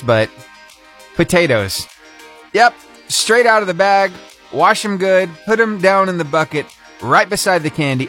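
Lively, chatty male radio host. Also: on the high side. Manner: chatty, playful storytelling with rising emphasis. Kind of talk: upbeat radio feature segment.

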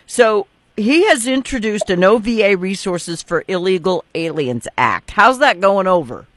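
Talk show host, man, fairly high voice, casual and joking, very dry sound. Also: expressive, a little slow, fairly bright tone, dry recording. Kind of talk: political talk show interview.

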